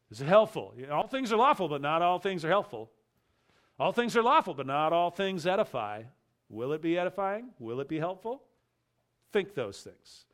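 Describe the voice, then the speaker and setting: A man preaching an expository sermon, emphatic, repeating key phrases and slowing down to stress them. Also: fairly high pitch. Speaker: pastor.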